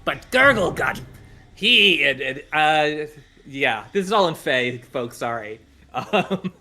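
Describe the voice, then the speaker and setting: A man's voice: mid-range voice, animated, takes it slowly, sharp tone, faint music behind. A man playing a tabletop game, talking loosely and jokingly with many fillers. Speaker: player.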